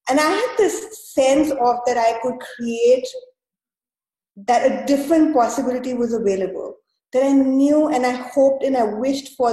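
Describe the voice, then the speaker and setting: A woman guest recounts her story in a relaxed, mellow voice that sits a little high. She talks in halting runs with many fillers and restarts. The room around her sounds echoey. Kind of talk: conversational storytelling.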